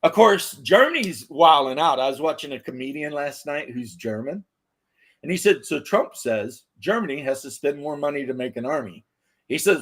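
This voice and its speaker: Animated storytelling man, slightly high. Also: normal speed. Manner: animated storytelling, acting out quotes with laughs. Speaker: podcast co-host. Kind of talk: casual chat.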